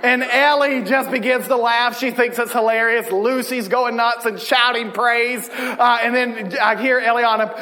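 A man preaching a sermon as a pastor, telling stories with energy and swinging from soft, intimate moments to full shouts. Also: extremely high pitch, steady tone, measured pace, hardly any pauses, big-room sound, a faint crowd.

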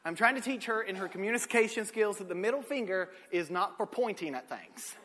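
Preacher with a bright, high voice. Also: male voice, lively intonation, fairly quick. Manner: swings from shouted peaks to low asides, folksy storytelling. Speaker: pastor. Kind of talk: sermon. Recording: echoey hall.

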